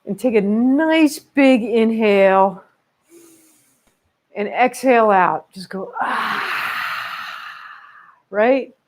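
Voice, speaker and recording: Woman, kids' yoga teacher, fairly high voice, upbeat, encouraging, gentle with children. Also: slow, pauses often. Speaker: kids yoga instructor. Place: home room with her dogs. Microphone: camera she set up herself.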